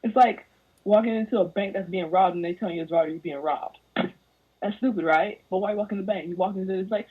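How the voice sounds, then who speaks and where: A woman's voice: mid-range voice, a little fast, husky. A young woman, a podcast guest, ranting animatedly in casual chat, slipping into mocking voices. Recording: tinny phone-like audio.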